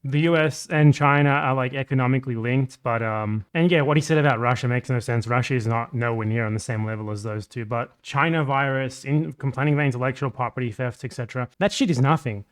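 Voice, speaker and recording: A man's voice: medium pitch, fast talker, few pauses, smooth. A man hosting a livestream, reacting to a clip with blunt, sarcastic, profane commentary. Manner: blunt, sarcastic, swears freely.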